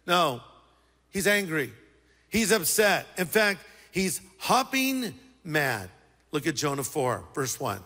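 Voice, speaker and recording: A man preaching a sermon as pastor, lively and joking with the congregation. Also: sits high, slow pace, long reverb tail.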